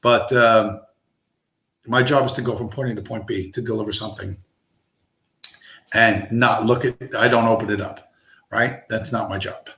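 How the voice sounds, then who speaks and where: A man's voice: fairly low pitch, fairly even intonation, normal speed, pauses often, a bit bright. A man streaming, telling a rambling story with heavy swearing and constant asides. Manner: profane, digressive, lots of fillers. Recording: roomy echo.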